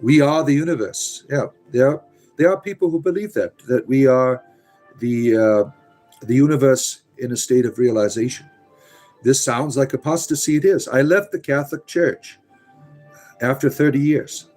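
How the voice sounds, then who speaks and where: A man in casual live chat who turns emphatic and preachy, his speech dotted with "uh" fillers. He talks in a theatrical, storyteller-like accent of his own making, at an everyday pitch. Faint music plays behind him. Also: normal speed, darkish tone, poor audio. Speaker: livestream host answering chat.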